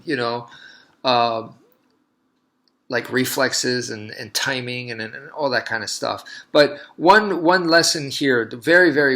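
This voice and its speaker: A man with a bright, forward voice at an ordinary middle pitch talks casually to the camera. He is a martial artist who rambles through a personal story and often circles back and restarts his sentences. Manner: loose and rambling, with many restarts.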